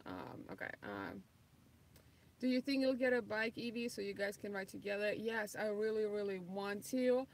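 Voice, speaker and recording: Livestream host, woman, 30s, non-native English speaker, vocal fry, loose and filler-heavy. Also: medium pitch, big pitch swings, moderate pace. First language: not English. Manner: reads viewer comments aloud, many ums. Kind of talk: casual livestream Q&A.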